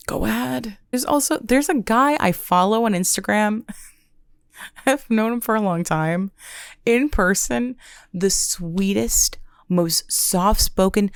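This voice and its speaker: Dramatic deadpan woman, gravelly voice. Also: fairly low pitch, no room sound, studio quality. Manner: deadpan, dramatic storytelling with self-mocking exaggeration. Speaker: podcast host. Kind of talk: comedic monologue.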